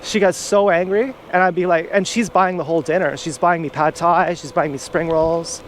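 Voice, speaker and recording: A vlogger with a fairly high, fairly even male voice walks around a town, talking at a normal pace. He rambles through a personal story in a confessional way and swears freely. Faint city traffic can be heard behind him.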